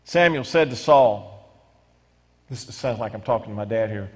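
A middle-aged male pastor preaching a sermon, animated and stumbling into quick restarts as he reads scripture and explains it. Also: mid-range voice, husky. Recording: long hall reverb.

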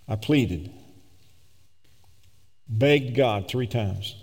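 A man preaching a sermon, swinging between emphatic raised peaks and slow, low scripture reading. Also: darkish tone. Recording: long reverb of a large hall.

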